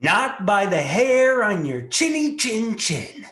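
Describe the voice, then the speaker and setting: A man voicing a deranged axe-wielding husband, taunting in a drawn-out singsong. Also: high voice, sing-song, crowd noise, exaggerated voice. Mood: menacing taunt.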